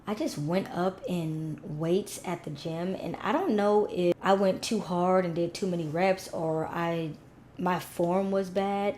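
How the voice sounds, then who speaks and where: A woman's voice: medium pitch, a little mellow, slight background noise. A young woman chatting casually as a recap vlogger, rambling with asides to her viewers.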